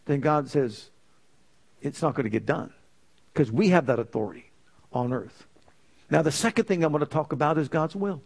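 Male preacher, emphatic sermon delivery, slightly high pitch. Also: normal speed, vocal fry, pauses often, darkish tone. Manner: earnest, emphatic storytelling preaching.

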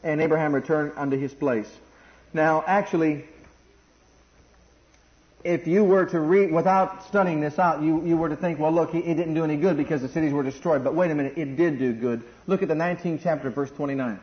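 A middle-aged man preaching a sermon, animated and acting out voices in a bargaining tone. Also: fairly high pitch, a little fast. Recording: dull lo-fi sound.

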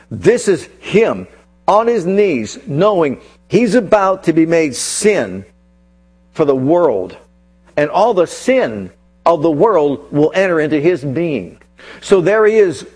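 A man with a fairly high voice delivers a sermon. He retells the story with dramatic flair and stretches key phrases slowly for weight. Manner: dramatic storytelling, slows for emphasis. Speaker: pastor.

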